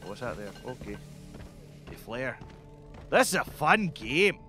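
A man hosting a game stream in casual chat, excitedly exclaiming questions about what he sees. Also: mid-range voice, measured pace. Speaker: streamer host. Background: game music.

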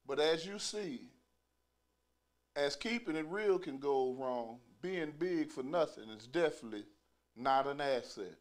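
A man's voice: a little high, a little slow. A middle-aged man telling a profane prison story as stand-up, acting out the people he quotes. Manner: profane, animated, acts out quoted voices. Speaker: stand-up comedian.

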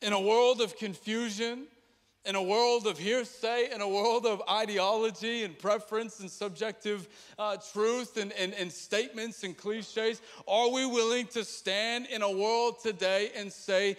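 A pastor preaching with passion, swinging between ringing declarations and hushed, intimate asides, through a stage microphone in a large church auditorium. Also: male voice, sits high, fairly even intonation, a little slow. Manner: impassioned, repetitive preaching with dramatic drops to quiet. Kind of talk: sermon. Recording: reverberant church hall.

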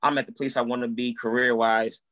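A man's voice: mid-range voice, fairly quick. A man in his thirties telling his story in a casual interview, acting out quoted dialogue. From United States. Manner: animated, acts out quoted dialogue. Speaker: guest, musician and minister.

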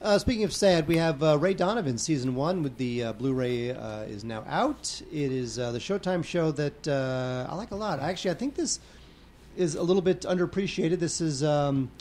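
A man co-hosting a podcast, chatting casually and haltingly about TV shows, with plenty of fillers. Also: a little high, lively intonation, darkish tone, a little hiss or hum. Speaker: podcast co-host. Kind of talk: casual chat reviewing home video releases.

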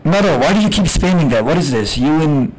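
A man streaming games live, chatting casually with profane trash talk and bursts of shouting. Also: fairly high pitch, animated, a little fast, poor audio. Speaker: game streamer. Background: music.

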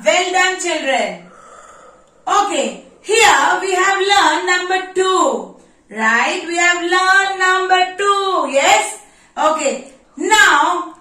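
High, echoey kindergarten teacher. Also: female voice, bright, forceful tone. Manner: encouraging, repetitive, coaxing. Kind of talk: online class for young children. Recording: echoey room, mic far off.

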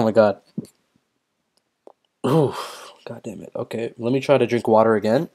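A young man casually commentating his mobile game on a live stream, excitable, swearing often and reading chat aloud, troubled by hiccups and throat-clearing. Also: mid-range voice, a little slow, pauses often.

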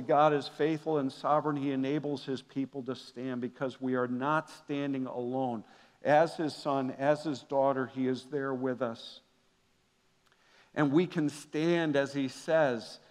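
A pastor delivers a sermon in a high, ringing voice. He sinks into quiet, confessional passages, then climbs back to loud, emphatic declarations. The sound of a large church hall lingers after each phrase. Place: church sanctuary. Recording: long reverb of a large hall.

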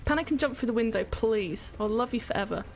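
Woman streaming a game, excitable and sweary, swoopy high voice. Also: quick pace, over music. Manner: excitable, swearing, self-mocking. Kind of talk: live gaming commentary.

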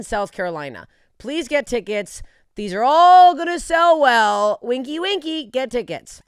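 A woman's voice: a little high, clean tone, no room sound, clean studio sound. A woman hosting a comedy podcast, brash and profane, laughing often in casual chat. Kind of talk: casual chat and tour ad read.

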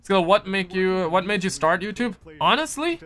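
Slangy male streamer on a headset mic, pitched a touch high. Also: lively intonation, moderate pace, a bit bright. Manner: slangy, loose, answers chat messages. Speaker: gaming streamer. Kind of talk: casual live-stream chat.

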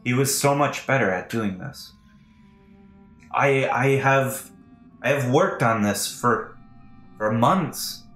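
A man's voice: medium pitch, lively intonation, slow, pauses often, a bit bright. A man voicing a young storm giant queen, female, who talks in a commanding, demanding way. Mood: weary. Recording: echoey room, faint music.

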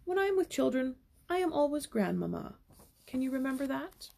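A woman voicing a kind, brisk old grandmother in a read-aloud storybook, speaking gently with a lightly raised pitch. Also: big pitch swings, gravelly, exaggerated voice. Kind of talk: storybook reading.

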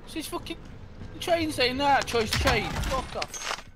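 A man playing a shooter as a duo partner, swearing constantly with loud excited outbursts. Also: extremely high pitch, takes it slowly, crowd noise. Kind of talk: casual gaming chat.

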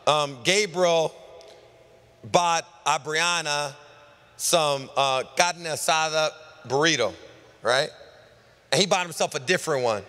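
A middle-aged man preaching a sermon as pastor, piling up lists and swinging between loud calls and hushed asides. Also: on the high side. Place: large church hall. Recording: live church sermon with long hall reverb.

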